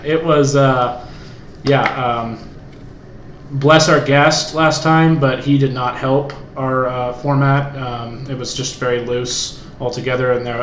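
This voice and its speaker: Recorded at home on a cheap USB mic, with room echo and a faint hiss, a young podcast co-host chats casually in a mid-range, slightly bright voice. His talk rambles, full of fillers and restarts.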